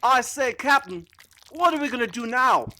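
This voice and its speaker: A man's voice: very high-pitched, animated, moderate pace, pushed and bright, slight background noise, pitched above the performer's own voice, full character voice. A man voicing a rowdy Australian bushman in a comedic fan dub, with a put-on Australian accent and an exclaiming, jokey manner. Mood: blustery. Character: rowdy male Australian bushman hunting rocks.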